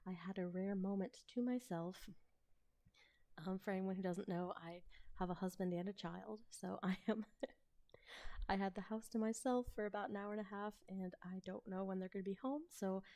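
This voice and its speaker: A woman with a Midwestern American accent, chatting casually and hesitantly on a live stream, now and then slipping into soft whispers. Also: mid-range voice. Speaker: ASMR role-play streamer.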